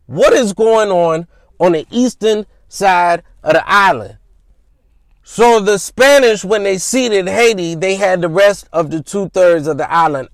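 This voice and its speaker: Slow, slangy male history storyteller. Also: sits high, a bit bright, dry recording. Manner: casual, slangy, conversational. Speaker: podcast host.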